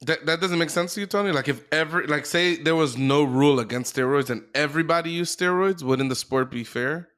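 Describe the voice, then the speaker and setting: A man's voice: a little high, brisk, few pauses, fairly bright tone. A man co-hosting a podcast, rambling in casual, profane talk full of fillers. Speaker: podcast co-host. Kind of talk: casual chat.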